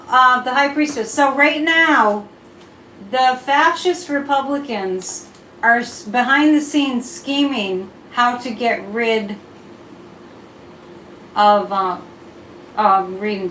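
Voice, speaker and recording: A woman's voice: high-pitched, a bit bright, roomy sound, a little hiss or hum, rough recording. A woman hosting a casual psychic live stream, chatting freely, reading viewer comments aloud and drifting off topic as she reads tarot cards. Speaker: psychic livestream host.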